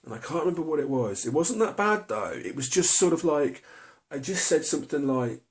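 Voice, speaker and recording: A man's voice: fairly high pitch, animated, a little fast. A middle-aged man tells a personal story to camera, hesitant and confessional, full of fillers and restarts. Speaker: vlogger.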